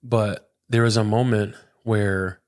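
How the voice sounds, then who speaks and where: Earnest low-voiced man, dry close sound. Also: level tone, slow, dry recording. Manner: earnest, reflective, says "man" and "dude" often. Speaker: pastor, podcast guest. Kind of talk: casual conversational interview.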